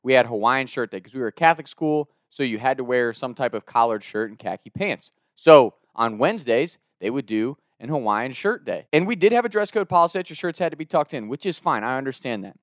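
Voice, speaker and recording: A man's voice: medium pitch, fairly quick, hardly any pauses, no echo, clean studio sound. A young adult man telling a personal anecdote casually, swearing freely and acting out the quotes with animation. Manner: profane, animated, acts out quotes. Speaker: storyteller.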